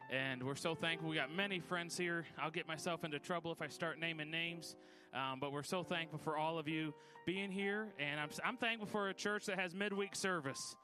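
A man's voice: a little high, pushed and bright. A middle-aged man from Michigan preaching as a guest at a Pentecostal church, telling a folksy, self-deprecating story with many restarts. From Michigan, USA. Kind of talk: Pentecostal sermon with personal story.

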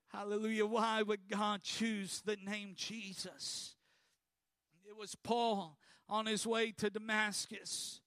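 A man's voice: sits high, level tone, slow pace, gravelly, pushed and bright, dry recording. A male pastor preaching a sermon emphatically, prompting the congregation to repeat after him.

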